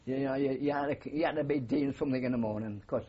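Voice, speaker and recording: An older Geordie war veteran, speaking fast in a mid-range, slightly rough voice, rambles through anecdotes packed with fillers during an oral history interview. The audio is dull.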